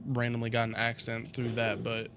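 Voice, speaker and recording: A man with a monotone, mid-range voice and a moderate pace talks casually to viewers during a game stream, over noisy game audio. His relaxed chat is profane, full of fillers, and broken up by frequent laughter.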